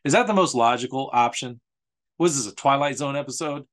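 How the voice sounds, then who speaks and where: A man's voice: medium pitch, fairly quick, a bit bright. A man hosting a history podcast monologue, sarcastic and incredulous, mocking the claims he discusses. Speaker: host.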